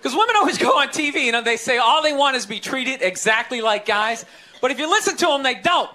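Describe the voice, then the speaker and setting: A man's voice: very high-pitched, animated, a little fast, pushed and bright. A young man doing a stand-up comedy routine on a club stage, talking casually and profanely and throwing rhetorical questions at the audience. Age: young adult.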